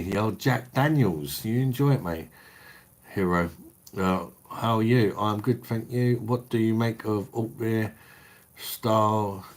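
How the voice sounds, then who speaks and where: A middle-aged man with a Cockney and Kentish accent, casually chatting on a livestream and reading out viewer comments in a matey, sweary way. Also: low-pitched. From South East England, London. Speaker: beer review livestream host.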